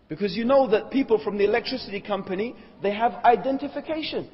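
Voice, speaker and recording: A man's voice: high-pitched, quick pace, few pauses, husky. A man giving a religious lecture, arguing emphatically point by point and asking the audience rhetorical questions. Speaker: Islamic lecturer. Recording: echoey hall, dull lo-fi sound.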